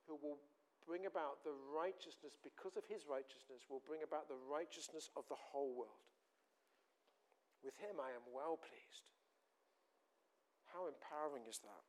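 A man's voice: fairly high pitch, a little mellow. A man preaching a sermon, earnest and repeating phrases for emphasis.

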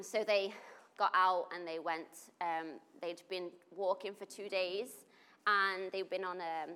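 Animated woman telling a story. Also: on the low side, smooth. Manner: animated, full of 'like' and 'you know', acts out quotes. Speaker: volunteer helping refugees. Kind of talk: casual spoken storytelling.

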